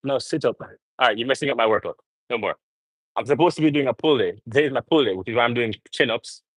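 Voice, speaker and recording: A man's voice: mid-range voice, fast, no echo, rough recording. A young man rambling earnestly to viewers as he livestreams during a gym workout. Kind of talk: casual live-stream chat.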